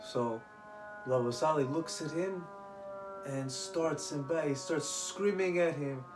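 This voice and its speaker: A man's voice: a little high, takes it slowly, over music. A man telling religious stories casually and animatedly, acting out what the people in them say, heard from a distant mic. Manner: animated, acts out the characters' speech. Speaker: storyteller.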